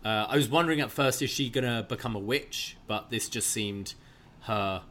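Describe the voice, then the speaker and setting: A man's voice: mid-range voice, moderate pace, a bit bright, a little hiss or hum. A man co-hosting a wrestling review show, giving his picks in casual chat and laughing easily.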